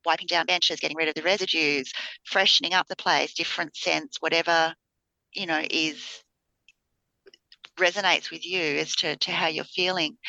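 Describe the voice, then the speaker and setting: Bright, dry-voiced woman podcast host. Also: fairly low pitch, no echo, rough recording. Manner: rambling, many fillers and restarts. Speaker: podcast co-host, spiritual healer. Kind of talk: casual chat.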